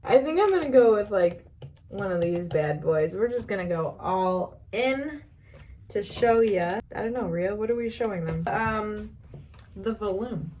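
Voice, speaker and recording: A young woman talks through a beauty tutorial in a loose, rambling way, stopping now and then to laugh. Her pitch sits in the middle and she keeps telling her viewers not to worry. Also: unhurried, a little mellow, slight background noise. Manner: chatty, rambling, reassuring, laughs often. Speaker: beauty vlogger. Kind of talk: casual makeup tutorial.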